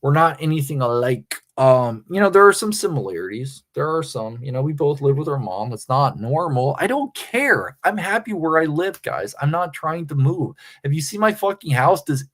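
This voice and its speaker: A man's voice: fairly high pitch, expressive, normal speed, hardly any pauses, a bit bright. A man hosting a livestream in a casual rant, profane and confrontational, hammering his points by repeating them. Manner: repeats phrases for emphasis. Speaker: livestream host.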